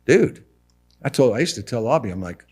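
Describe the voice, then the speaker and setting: A middle-aged American man telling family stories as a podcast guest in a casual, animated way. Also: a little fast, husky. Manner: animated, mimics his mother in a high voice. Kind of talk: casual storytelling.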